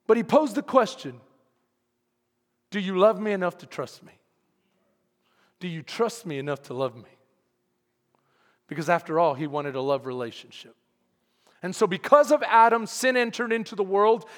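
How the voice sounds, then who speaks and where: A pastor preaching with a strikingly high-pitched male voice. He drives his points home emphatically and keeps calling out to the congregation. The sound rings with a long reverb, as in a church sanctuary. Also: fairly bright tone. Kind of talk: sermon.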